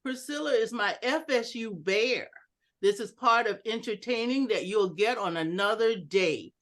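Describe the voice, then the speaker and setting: A woman leads an online presentation with audience exercises for a club meeting, giving an educational talk on a video call. Her voice is on the high side and a little slow, and she's animated and playful as she acts out different inflections of one sentence.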